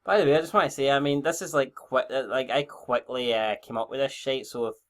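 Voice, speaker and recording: A young Scottish man talking through a wrestling management game in loose, off-the-cuff commentary. He rambles, swears freely and keeps cutting himself off to fix what he just said, all at an ordinary middle pitch. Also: fairly even intonation, fast talker. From Scotland. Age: 20s. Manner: rambling, sweary, self-interrupting. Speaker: YouTube gamer.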